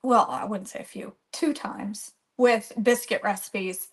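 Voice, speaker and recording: A woman's voice: medium pitch, a little slow. A woman hosting a live cooking stream from her home kitchen, chatting and rambling as she greets viewers by name. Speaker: cooking channel host.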